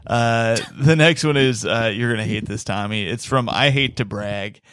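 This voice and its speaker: A man's voice: mid-range voice, moderate pace, a bit bright, clear, resonant tone, no echo. A man with a mid-range voice hosts a casual chat, breaking into laughter as he reads quotes aloud. The sound is dry and close, with no room around it. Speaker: podcast host.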